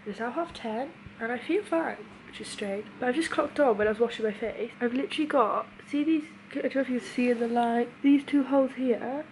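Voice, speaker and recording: A young woman, filmed on her phone in a hospital room, chats to the camera while recovering from nose surgery. Her voice is a little high and slightly mellow, brisk with few pauses, and she gets emotional and laughs often. The phone recording is noisy.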